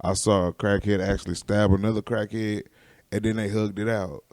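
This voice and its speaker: A man co-hosting a casual podcast, talking in slang with quick laughing interjections. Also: on the low side, level tone, a little mellow. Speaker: co-host.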